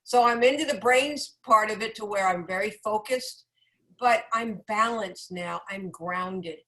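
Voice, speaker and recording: A woman's voice: mid-range voice, measured pace, sharp tone, low-quality recording. A woman chatting casually about her own experience, emphatic and laughing often. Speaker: product user sharing her experience. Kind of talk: casual testimonial chat.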